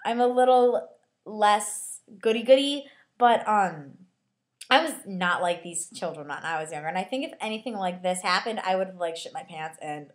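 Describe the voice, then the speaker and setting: A woman's voice: mid-range voice, moderate pace. A teenage girl giving a chatty, casual book review, full of fillers, who slips into mocking voices.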